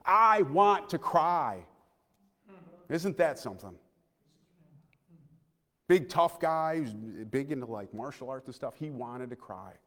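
A man in his thirties preaching a personal sermon in a church, earnest, moving between loud appeals and hushed, quiet passages. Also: medium pitch. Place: church sanctuary. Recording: long church hall reverb.

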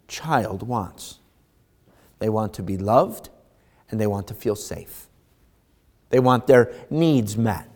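Guy preaching a sermon at church, chatty and animated, gets loud and high when he acts stuff out. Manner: animated, conversational, acts out voices with rising pitch. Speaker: pastor. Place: church sanctuary.

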